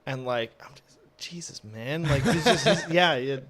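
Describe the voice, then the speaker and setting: A young man who is a guest musician, talking in a laid-back, halting way with many fillers and some swearing. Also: medium pitch, animated, crowd noise. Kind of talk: casual chat.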